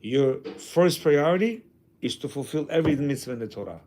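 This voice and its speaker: A man teaches a class of men in an informal, emphatic way. He throws out rhetorical questions and acts out the voices he quotes. His voice sits high and moves through a very wide, lively range. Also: fairly quick. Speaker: rabbi teaching a men's class. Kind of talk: informal religious class talk.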